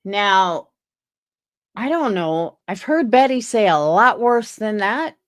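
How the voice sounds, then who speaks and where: A woman's voice: medium pitch, animated, slow. A woman hosting a casual livestream, chatting skeptically with viewers and reading messages aloud. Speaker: livestream host.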